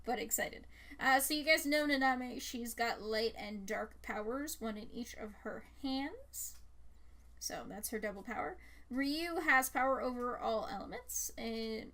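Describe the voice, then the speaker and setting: A woman's voice: on the high side, sharp tone. A young woman artist chatting casually about her characters while she draws, rambling with lots of fillers and frequent giggles. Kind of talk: casual chat.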